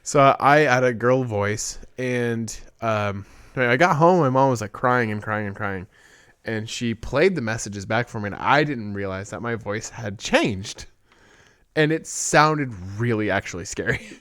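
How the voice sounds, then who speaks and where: A man hosts a podcast, telling stories in easygoing chat while laughing often and swearing freely. He speaks a little slowly at medium pitch, with a clean, fairly bright tone. The dry recording is studio quality.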